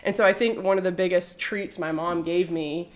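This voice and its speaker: A woman's voice: lowish voice, fairly even intonation, moderate pace. A woman in her thirties, a textile artist, chatting casually in an interview and rambling with lots of fillers.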